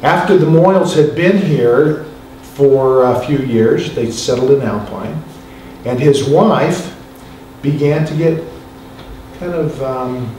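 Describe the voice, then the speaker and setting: A man's voice: mid-range voice, slow pace, dark tone, a little hiss or hum. A man, a filmmaker, telling stories to an audience in a chatty, joking way with asides to the listeners. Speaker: filmmaker giving a talk. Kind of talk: storytelling talk to an audience. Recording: echoey hall, mic far off.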